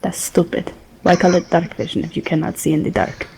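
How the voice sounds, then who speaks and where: A woman's voice: fairly low pitch, little pitch movement, fairly quick, creaky, dark tone, slightly rough, low-quality recording. A woman playing a tabletop game, joking playfully in casual chat. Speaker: player.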